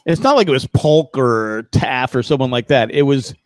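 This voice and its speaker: A man's voice: mid-range voice, lively intonation, moderate pace, no room sound, studio quality. A man co-hosting a podcast, chatting casually and often restarting his sentences in exasperation. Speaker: podcast co-host. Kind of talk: casual chat.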